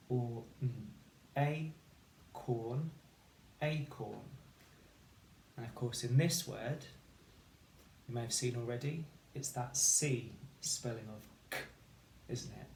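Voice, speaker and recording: A man teaching a phonics lesson to children, speaking clearly and encouragingly and sounding out letters slowly. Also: mid-range voice, darkish tone, roomy sound, a little hiss or hum. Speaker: primary school teacher.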